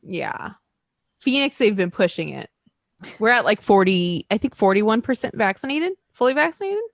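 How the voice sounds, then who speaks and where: A woman's voice: medium pitch, big pitch swings, moderate pace, creaky, no echo, clean studio sound. A woman co-hosting a podcast in casual, rambling chat, laughing often. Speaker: podcast co-host.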